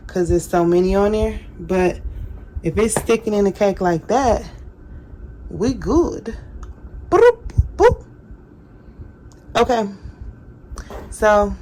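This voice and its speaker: A woman's voice: mid-range voice, a little mellow, slight background noise. Chatty woman hosting a craft tutorial. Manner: chatty, apologetic, self-deprecating. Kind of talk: casual how-to demonstration.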